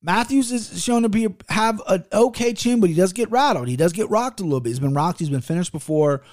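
A man's voice: high voice, lively intonation, fairly quick, a little mellow, no room sound, clean studio sound. A man giving casual fight-betting picks, swearing freely and interrupting himself as he goes. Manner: profane and rambling; restless, self-interrupting.

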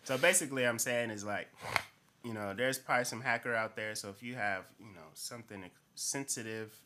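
Brief: male co-host, bright and forceful tone, rambling casual chat. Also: mid-range voice, a little fast. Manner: rambling, many fillers and restarts, animated. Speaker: podcast co-host.

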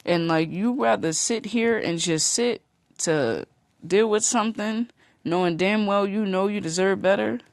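A woman's voice: medium pitch, measured pace, dry recording. A woman vlogger telling a rambling storytime, casual and profane, full of fillers.

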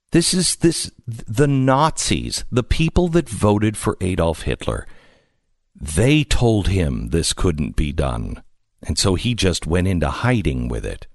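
A male host delivers a fervent monologue, slowing down and leaning on each word with long dramatic pauses. His fairly low voice rises and falls across a very wide range, heard close and completely dry. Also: no room sound. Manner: emphatic, slow and deliberate with dramatic pauses. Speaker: talk show host. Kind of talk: impassioned commentary monologue.

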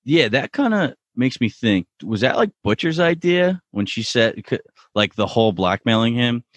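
A man's voice: mid-range voice, moderate pace, dry recording. A man co-hosting a podcast, casually retelling TV scenes and acting out quotes. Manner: animated storyteller, retells scenes with quoted voices. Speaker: podcast co-host. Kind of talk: casual TV recap chat.

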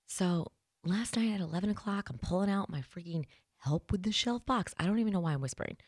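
A woman in her thirties hosting a morning show from her studio, chatty, self-deprecating and excitable. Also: lowish voice, fairly quick, dry recording. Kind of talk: casual chat.

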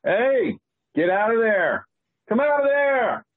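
A man on a phone line voicing a crude, rowdy male Southern cowboy with a high, hollering drawl. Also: lively intonation, takes it slowly, dry recording, full character voice. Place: hotel room. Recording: tinny dry phone line.

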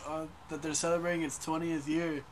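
Laid-back young man, higher voice. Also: flat delivery, a little fast, slight background noise, poor audio. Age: young adult. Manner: laid-back, stammering, profane. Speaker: podcast co-host. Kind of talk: casual chat.

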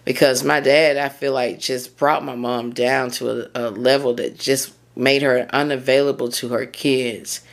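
A woman's voice: extremely low pitch, fairly even intonation, measured pace, gravelly, few pauses. A woman, hosting a solo podcast and talking in a candid, rambling way that often circles back and corrects itself. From Tennessee, US. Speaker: podcast host.

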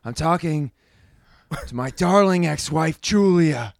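Brief: middle-aged man, hushed spy-talk urgency, dry close sound played by a man. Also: fairly high pitch, animated, slow, creaky, no echo, full character voice. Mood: urgent. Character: secretive middle-aged male actor, ex-husband, spy-obsessed.

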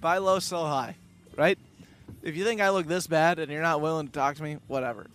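A young man in casual podcast chat, laughing and mocking himself in lively banter, recorded outdoors on a boat. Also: on the high side, fast talker, faint music behind.

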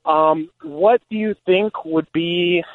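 A man's voice: high-pitched, slow pace, gravelly, no room sound. Hesitant male caller on a phone line. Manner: hesitant, many fillers, eager fan. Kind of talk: phone call to a radio show. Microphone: phone call.

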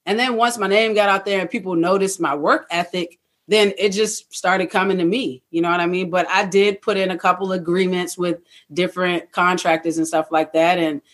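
A guest in a casual interview, telling stories in an animated way, acting out past thoughts and leaning on fillers like "you know what I mean". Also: mid-range voice, normal speed, few pauses. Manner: animated, acts out own past thoughts in quotes. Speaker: guest, truck owner-operator.

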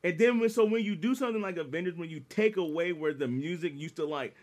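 A man's voice: sits high, quick pace. A man in casual, profane chat about movies, animatedly acting out quotes. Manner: animated, acts out quotes, heavy swearing.

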